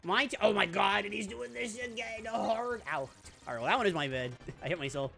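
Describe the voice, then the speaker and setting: A woman streaming a video game, chatting casually with her viewers, laughing often and squealing when things get exciting. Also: mid-range voice, brisk, gravelly, soft background music. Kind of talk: casual live-stream commentary.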